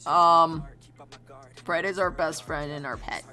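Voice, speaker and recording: Low-key giggly young woman streamer. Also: steady tone, slow pace, pushed and bright, soft background music. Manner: rambling, giggly, swears casually. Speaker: streamer drawing a storyboard. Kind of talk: casual chat while drawing.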